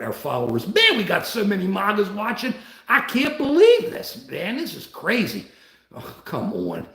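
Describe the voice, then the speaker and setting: A man's voice: sits high, gravelly, a bit bright, roomy sound. A man hosting a casual livestream, talking in a worked-up way and reading out viewer comments. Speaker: livestream host.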